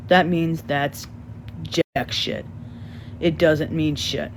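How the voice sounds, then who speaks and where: A man's voice: on the high side, fairly even intonation, very slow, poor audio. A man talks on a phone livestream, his words tumbling out and doubling back on themselves. He sounds earnest and a little defensive. A faint noise sits under the voice. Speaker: livestream host. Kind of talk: livestream apology talk.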